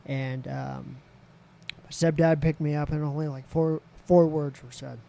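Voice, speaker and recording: A candid man telling a story on a podcast, his voice mellow and a little higher than most men's. He speaks in an even, level tone without much swing. A faint background hiss sits under him. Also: unhurried, gravelly. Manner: candid, swears freely, voices others in quotes. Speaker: podcast guest. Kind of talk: casual storytelling.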